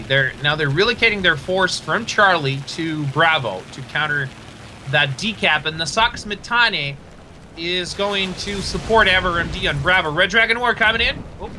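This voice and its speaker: A man casting a live tank match, excitable, laughing often and stumbling over player names. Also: fairly high pitch, a little hiss or hum. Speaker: esports caster.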